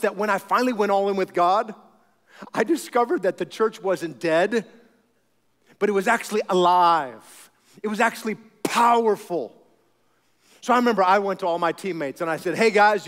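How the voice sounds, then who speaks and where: A man pastor preaching a sermon, telling stories with animated humor. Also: high-pitched, moderate pace, in a large hall.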